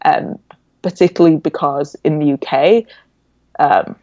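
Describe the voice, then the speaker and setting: Woman, English accent, 20s, podcast guest, animated and reflective, muffled dry recording. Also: low-pitched, measured pace, no room sound. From born in Nigeria, raised in England. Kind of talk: casual interview chat. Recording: dull, dry lo-fi audio.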